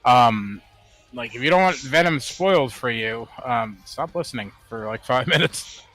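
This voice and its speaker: A man co-hosting a casual podcast, talking in an animated way, swearing and laughing often. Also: moderate pace, no room sound, faint music behind. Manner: animated, swears, laughs often, rising pitch when worked up. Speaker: podcast co-host. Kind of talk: casual chat.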